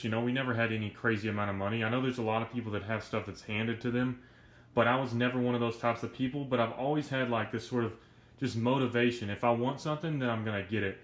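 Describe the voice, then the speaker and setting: A young man talking casually and earnestly to his viewers in a vlog, energetic and a bit out of breath, with lots of slang. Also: mid-range voice, reverberant. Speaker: YouTuber.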